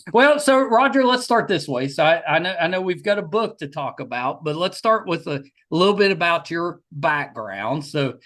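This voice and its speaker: A man's voice: on the high side, lively intonation, moderate pace, hardly any pauses, a bit bright. A man with a West Virginia accent hosting a podcast interview, enthusiastic and friendly. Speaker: podcast host. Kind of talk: casual interview.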